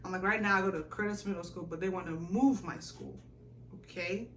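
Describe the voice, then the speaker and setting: A woman's voice: lowish voice, fairly even intonation, fairly quick, recorded from a distance, a little hiss or hum. A young woman vlogger telling a personal story, animatedly acting out her own past reactions. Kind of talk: storytime vlog. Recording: roomy echo, mic set back.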